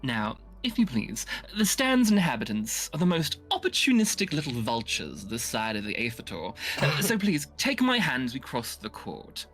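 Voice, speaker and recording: A woman's voice: extremely low pitch, huge pitch swings, normal speed, fairly bright tone, soft background music, pitched below the performer's own voice, full character voice. A woman voicing a sly, theatrical fae steward who talks in flowery, fawning phrases and pet names. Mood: confiding.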